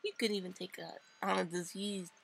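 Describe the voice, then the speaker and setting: A woman's voice: mid-range voice, level tone, normal speed, creaky, breathy edge, low-quality recording. A woman playing a visual novel, reading its lines aloud and chatting about them in a rambling, playful way. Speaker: let's play narrator.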